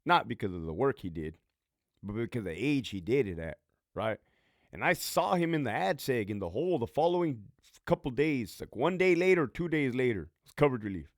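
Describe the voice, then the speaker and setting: A man's voice: mid-range voice, sing-song, fairly quick, no echo, clean studio sound. Fields: Sex: man. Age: 30s. Origin: from Southern California. Role: podcast host and former prison lieutenant. Style: casual Q&A storytelling, blunt and heavily profane.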